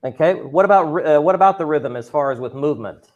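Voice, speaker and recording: On a video call, a man with a fairly high, slightly mellow voice races through a drama and chorus lesson, animated and upbeat, joking with his students. The sound comes from a computer mic and has its highs cut off.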